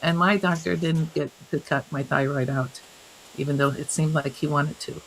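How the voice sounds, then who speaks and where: A woman guest, a health coach, telling stories in an interview, animated and laughing often as she acts out what others said. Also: low-pitched, normal speed, a little hiss or hum, low-quality recording. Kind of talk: storytelling in an interview.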